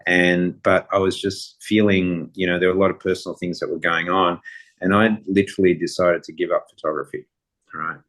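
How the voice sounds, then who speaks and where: A middle-aged man with a very low voice that stays level and barely rises or falls. He tells long, rambling anecdotes in a relaxed, casual way as a podcast guest. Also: fairly quick. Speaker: guest photographer. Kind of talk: casual interview storytelling.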